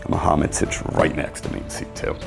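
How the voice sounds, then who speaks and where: A middle-aged man, an interview guest, telling a long story in an animated way and acting out what others said. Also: brisk, music in the background. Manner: animated storyteller, acts out quotes. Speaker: interview guest, sports marketing agent.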